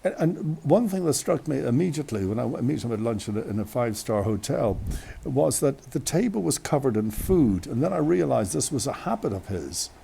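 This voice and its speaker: A man's voice: mid-range voice, sing-song, brisk, gravelly, dark tone. An Irish man, a radio host, telling a long chatty story outdoors on a windy day, full of asides and restarts. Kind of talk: rambling anecdotal storytelling. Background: wind.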